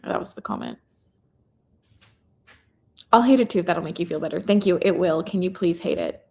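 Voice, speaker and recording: A young Canadian woman with a lowish, gravelly, darkish voice speaks at a moderate pace. She's a booktuber hosting a casual live reading stream, reading out viewer comments in a bubbly, chatty way.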